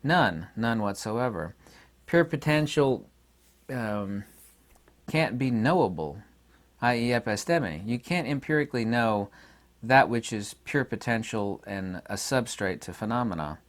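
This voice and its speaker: A man's voice: medium pitch, animated, measured pace. A man giving an unscripted philosophy lecture, emphatic and argumentative, who repeats points for stress. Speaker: channel host.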